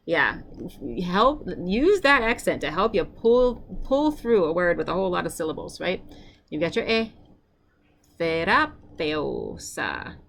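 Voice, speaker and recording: A woman's voice: fairly low pitch, sing-song, moderate pace, vocal fry, fairly bright tone, a little hiss or hum. A woman teaching a vocabulary lesson, repeating each word for the learner and chatting casually as she corrects herself. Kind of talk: drill-style vocabulary lesson.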